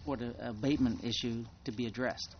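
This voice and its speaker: A man, a town official, speaking at a council meeting in a measured, hesitant way with frequent ums. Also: mid-range voice, fairly even intonation, muffled recording, very noisy. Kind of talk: formal meeting talk.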